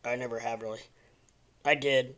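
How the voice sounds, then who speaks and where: A man chats loosely through a live stream, drifting between quiet mumbles to himself and livelier greetings to his viewers. His pitch sits in an ordinary middle range, and his talk is unhurried and meandering. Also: fairly even intonation. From American Midwest. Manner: rambling, muttering to himself between chatting to viewers. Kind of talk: casual live-stream chat.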